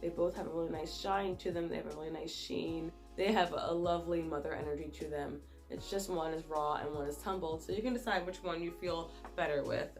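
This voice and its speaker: Low-voiced woman vlogger, chatty. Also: fairly even intonation, fairly quick, hardly any pauses, faint music behind. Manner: chatty, warm explaining, showing stones to camera. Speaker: crystal vlogger. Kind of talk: casual how-to talk.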